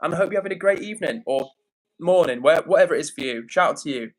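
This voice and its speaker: An English man hosting a casual livestream, upbeat and chatty as he reads out comments and gives shout-outs. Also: a little high, expressive, fast, rough recording. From England. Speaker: livestream host.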